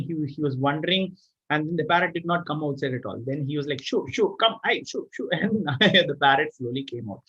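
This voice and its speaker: A man with an Indian English accent telling a moral story to children on a live stream, chatty and lively with frequent restarts. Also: a little high, muffled recording. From Tamil Nadu, India.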